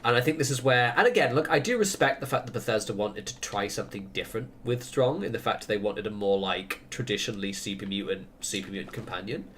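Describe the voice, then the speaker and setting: A man's voice: fairly low pitch, quick pace, hardly any pauses, a bit bright, slight background noise. A man chatting casually while streaming a game, rambling through opinionated tangents and laughing often. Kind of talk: casual chat while gaming.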